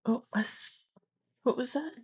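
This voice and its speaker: Slow-talking giggly woman streamer. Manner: giggly, breaks into frequent laughter. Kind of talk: casual live-stream chat. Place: indoor room with neighbors next door. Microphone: earbuds with a computer mic. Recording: slightly dull lo-fi stream audio.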